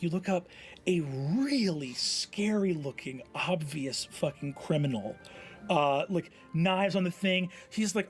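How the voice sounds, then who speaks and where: A man serving as game master, narrating a tabletop game in a rambling way with many fillers. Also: on the high side.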